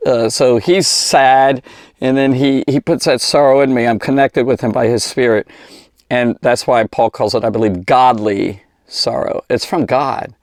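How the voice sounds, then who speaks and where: A man giving an informal Bible teaching, animated and chatty, often repeating words as he restarts. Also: mid-range voice, a little slow, no room sound, clean studio sound.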